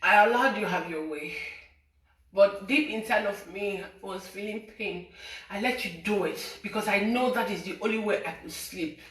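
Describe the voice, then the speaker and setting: A woman's voice: mid-range voice, normal speed, a bit bright, roomy sound, distant mic. A woman with a Nigerian accent, mixing Pidgin and English as she tells viewers a painful personal story in an accusing, pleading way. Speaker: social media personality. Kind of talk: emotional personal confession to viewers.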